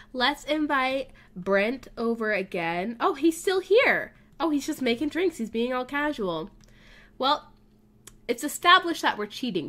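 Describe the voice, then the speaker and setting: A woman casually commenting on her life-sim game, gushing and excitable over her pets. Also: high voice, a little slow. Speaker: gaming YouTuber. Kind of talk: casual let's play commentary. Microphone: desk mic, facecam.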